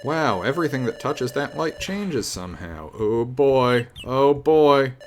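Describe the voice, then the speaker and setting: A man's voice: mid-range voice, very animated, a little slow. Wry self-mocking male game streamer. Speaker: streamer playing a retro game. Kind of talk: casual live-stream commentary. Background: game music.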